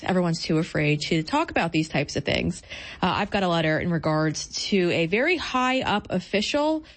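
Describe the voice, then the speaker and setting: A woman hosts a political talk show, her voice sitting slightly low for a woman. She talks briskly and with emphasis, taking a combative edge as she previews the program.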